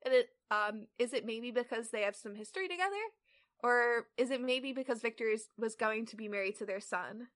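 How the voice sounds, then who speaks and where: A woman's voice: on the high side, a little fast, fairly bright tone. A woman in her twenties co-hosting a casual podcast, chatting and reading fan fiction aloud with stumbles and hesitations. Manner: hesitant, stumbling over words while reading. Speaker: podcast co-host.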